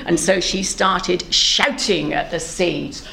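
A woman minister telling a story to a live gathering, playful and animated, often laughing and inviting the audience to join in. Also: fairly low pitch, slow pace, creaky, crowd noise. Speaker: minister and theme speaker. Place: meeting hall with an audience. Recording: echoey hall with audible room noise.

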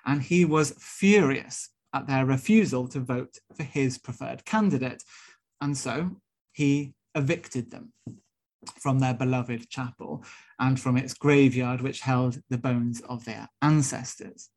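Welsh man, young, minister giving a talk, earnest and rhetorical, mid-pitched voice. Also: slow pace, darkish tone. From Wales. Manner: earnest, rhetorical storytelling with rising emphasis. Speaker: minister-elect. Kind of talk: sermon-style theme talk.

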